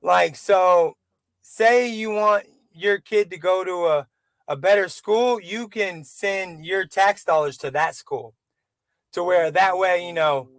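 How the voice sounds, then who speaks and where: A man's voice: sits high, slow pace, a bit bright, no room sound. A man vlogging a casual opinion rant, rambling and profane, with frequent self-doubting asides.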